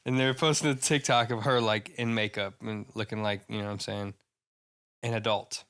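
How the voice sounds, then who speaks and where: Young Midwestern man, smooth slangy banter. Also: fairly low pitch, flat delivery, a little fast, a bit bright. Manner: laughs often, loose slangy banter. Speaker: podcast co-host. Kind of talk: casual chat.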